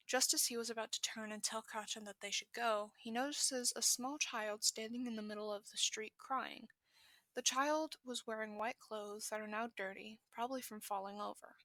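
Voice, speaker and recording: A woman's voice: fairly high pitch, sharp tone, no room sound. A woman reading a fan fiction story aloud, correcting small slips as she goes. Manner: brisk reading with self-corrections. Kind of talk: podfic narration.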